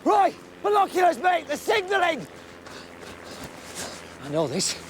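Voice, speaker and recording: An actor playing an earnest, anxious middle-aged team captain in a stage play. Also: male voice, very high voice, huge pitch swings, measured pace, a little hiss or hum, full character voice. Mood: eager. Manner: earnest, eager, placating.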